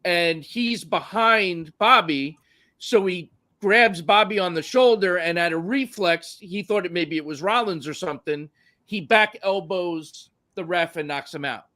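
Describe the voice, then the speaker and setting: A man with a fairly high voice co-hosting a wrestling podcast. He recaps the week's matches in a loose, rambling way, swearing freely and leaning on fillers. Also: a little slow, pushed and bright. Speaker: podcast co-host. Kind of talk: casual wrestling chat.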